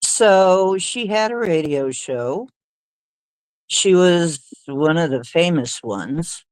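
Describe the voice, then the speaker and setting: A woman hosting a livestream tells stories in a rambling, hesitant way, with many fillers and little laughs, in casual chat. Her voice is on the low side and darkish, animated but slow, and the recording is dry and low in quality.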